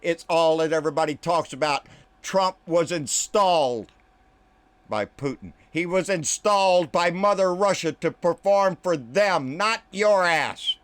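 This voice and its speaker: Scornful ranting man, slightly high voice. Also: unhurried, fairly bright tone, clean tone. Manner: scornful, profane, keeps calling the listener baby; drops to low, muttered asides. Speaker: political commentary channel host. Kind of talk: angry political rant to camera.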